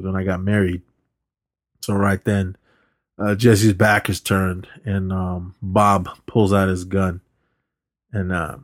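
A man with a fairly low voice chats casually on a podcast, retelling a movie plot with plenty of ums and uhs and restarted sentences. His voice is close and dry, with no room sound around it. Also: no room sound. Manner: rambling, lots of fillers and restarts. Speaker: podcast co-host. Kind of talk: casual movie recap chat.

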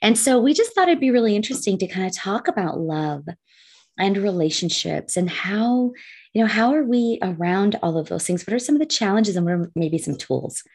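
A woman's voice: medium pitch, lively intonation, brisk, a little mellow. A woman co-hosting a podcast in casual chat, giggly and talkative, a little congested. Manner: giggly, chatty, swears casually. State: congested, blowing her nose. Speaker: podcast co-host.

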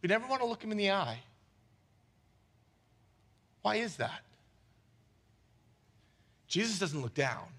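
A man preaching a sermon as pastor, animated and conversational, with quick asides and jokes. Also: sits high.

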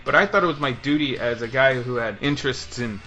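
Animated guy cohosting a podcast, crisp bright voice, laughs a lot. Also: medium pitch, fairly quick, soft background music. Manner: animated storyteller, laughs often. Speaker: podcast co-host. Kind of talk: casual chat about movies.

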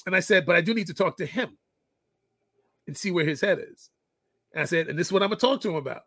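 A man's voice: high voice, expressive, fast, bright, forceful tone, no echo. A middle-aged man and father telling a parenting story in casual chat, acting out the quoted lines. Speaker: guest, fitness coach and father.

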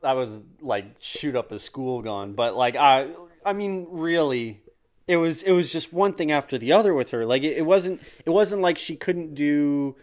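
Man recalling events with halting restarts. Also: a little high. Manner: agreeing, halting recollection with repeated restarts. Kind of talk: casual chat.

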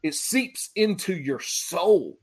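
A man hosting a casual chat, telling stories in an animated, joking way and swearing freely. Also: fairly high pitch, slow pace, breathy edge. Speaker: podcast host.

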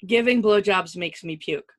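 A woman's voice: mid-range voice, normal speed. Giggly woman telling frank jokes. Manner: giggly, joking storyteller. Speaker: podcast host. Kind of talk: frank casual chat.

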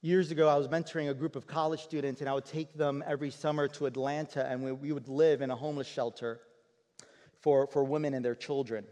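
Male pastor, mid-pitched, chatty storytelling sermon with frequent restarts, recorded in a big reverberant hall. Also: flat delivery, quick pace, warm tone. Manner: conversational, repeats words as he restarts.

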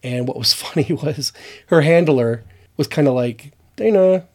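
An earnest man of middle pitch co-hosts a casual podcast. He tells heartfelt personal stories with feeling and slips into the voices of the people he met as he recounts their words. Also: moderate pace. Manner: earnest, heartfelt storyteller who acts out what others said. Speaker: podcast co-host.

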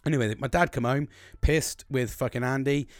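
A man's voice: medium pitch, steady tone, moderate pace, dry recording, studio quality. A British man in his forties rambling through a childhood story, swearing constantly and laughing as he goes. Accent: British English. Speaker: podcast host. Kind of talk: casual storytelling.

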